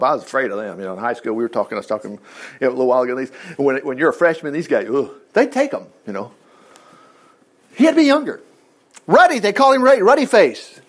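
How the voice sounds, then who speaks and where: A male preacher with a high voice that swings widely up and down as he teaches. He retells the scripture story in folksy, animated preaching, breaking off often for casual asides to the congregation. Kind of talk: informal Bible-teaching sermon.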